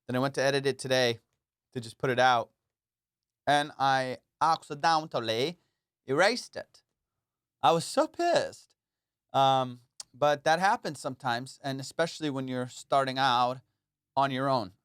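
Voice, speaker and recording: A man's voice: medium pitch, normal speed, a bit bright, clean tone, no echo. Playful rambling man, clean dry voice. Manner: rambling, playful and self-mocking, swears freely. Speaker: comedian hosting his own podcast. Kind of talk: casual solo podcast chat.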